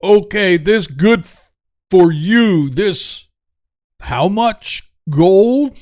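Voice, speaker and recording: A man doing a loud, dim giant with broken speech. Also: high voice, expressive, extremely slow, pitched above the performer's own voice, exaggerated voice. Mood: puzzled. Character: dim-witted greedy male giant.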